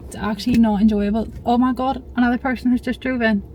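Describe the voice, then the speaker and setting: Bubbly, high-voiced young woman vlogger. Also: quick pace, a little hiss or hum, rough recording. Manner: bubbly, rambling, easily excited. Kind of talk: casual chatty vlog.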